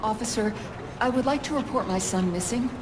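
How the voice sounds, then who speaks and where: A woman's voice: a little high, a little fast, background noise, lightly acted. A woman doing an anxious, pleading mother. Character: worried middle-aged mother. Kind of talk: video game voice acting.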